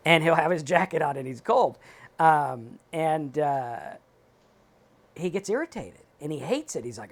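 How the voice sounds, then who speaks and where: A man co-hosting a recovery talk show, giving casual advice in an animated, emphatic way and acting out his own inner thoughts. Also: a little high, brisk. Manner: animated, emphatic, talks in quoted self-talk. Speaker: podcast co-host.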